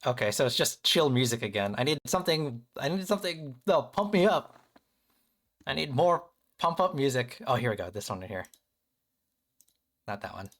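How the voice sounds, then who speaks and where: A man live-streaming casually to his chat, playful and excitable, joking about himself and rambling as he sets things up. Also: medium pitch, normal speed. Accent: American. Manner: playful, chatty, self-deprecating, excitable.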